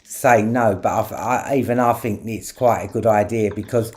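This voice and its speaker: A man's voice: fairly low pitch, fairly even intonation, normal speed. A man on a livestream who stammers and hesitates, then rants about the royals. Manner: hesitant, stammering, laughing along. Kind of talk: casual chat.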